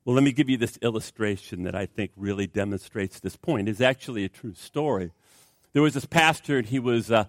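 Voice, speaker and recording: A man's voice: mid-range voice, a bit bright, dry recording, clean studio sound. A man preaching a sermon, telling a story with strong emphasis and speaking directly to his congregation. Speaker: pastor.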